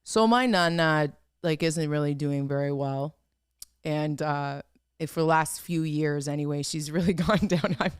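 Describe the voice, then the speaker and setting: A woman's voice: low-pitched, measured pace, clean tone, no echo, studio quality. A young woman, a guest comedian on a podcast, telling a boozy story in casual chat and swearing freely.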